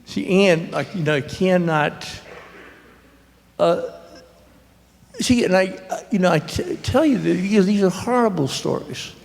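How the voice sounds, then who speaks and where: A gravelly man with a slightly high voice tells a rambling, earnest story in slow, unhurried speech. He often stops and restarts his sentences. A long hall echo trails behind his words. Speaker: author at a public talk. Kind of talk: storytelling conversation. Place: public library event hall.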